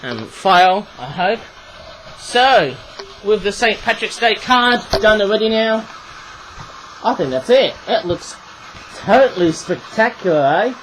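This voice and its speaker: A man reviewing toys in a rambling, chatty way, with a frog in his throat that makes him clear it often. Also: sits high, expressive, measured pace, pauses often, a bit bright, slight background noise, low-quality recording. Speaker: toy reviewer. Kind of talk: casual video review.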